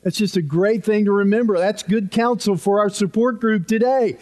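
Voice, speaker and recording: A man's voice: sits high, steady tone, normal speed, few pauses, darkish tone. A man preaching a sermon as a pastor, earnest and emphatic, repeating key phrases for weight.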